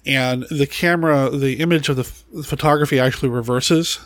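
A man's voice: medium pitch, brisk, no room sound. A man co-hosting a podcast, chatting casually about old monster films with frequent laughs and restarts. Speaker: podcast co-host. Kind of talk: casual film discussion.

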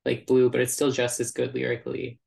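A man's voice: medium pitch, monotone, brisk, vocal fry, darkish tone. A man co-hosting a podcast, chatting casually in an eager, self-deprecating way. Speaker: podcast co-host. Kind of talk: casual chat.

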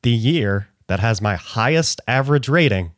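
A man's voice: mid-range voice, animated, normal speed, no room sound, clean studio sound. A man co-hosting a movie podcast in casual, chatty talk. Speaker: podcast co-host. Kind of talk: casual chat.

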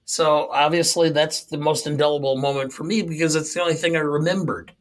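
Wry man with a slightly high voice. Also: fairly even intonation, brisk. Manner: chuckling, wry and incredulous. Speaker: podcast co-host. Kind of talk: casual movie review chat.

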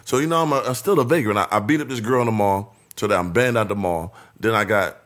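Fast, bright-voiced man telling a story. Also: fairly low pitch. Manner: animated, profane, acts out voices, laughs. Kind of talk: casual storytelling.

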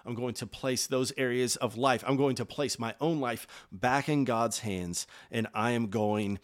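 A man preaching a sermon, earnest and encouraging, rising loud on key points and dropping soft and slow when he speaks of rest. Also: mid-range voice. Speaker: pastor.

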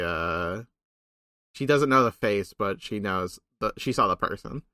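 A young man co-hosting a podcast, recapping a video game in casual, rambling chat with swearing and quick asides. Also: medium pitch, lively intonation, bright, forceful tone, no echo, studio quality. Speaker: podcast co-host.

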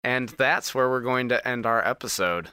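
A man hosting a tabletop gaming podcast, wrapping up the episode in a smooth, announcer-like way. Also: mid-range voice, normal speed, sharp tone, dry recording. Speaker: podcast host. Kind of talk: podcast outro, casual group chat.

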